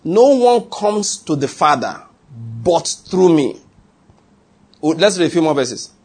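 Guy preaching a sermon, pretty high voice, hammers his points with repeats. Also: very animated, unhurried, a little mellow, husky. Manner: teaching, reads scripture aloud with emphatic repetition.

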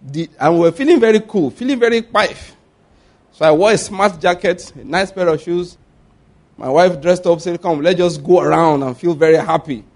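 A man in his forties preaches with animated stories. He breaks into laughter often and throws questions back at the congregation. His voice sits a little higher than most men's. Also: normal speed. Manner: animated storytelling with call-and-response questions. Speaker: pastor. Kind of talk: sermon.

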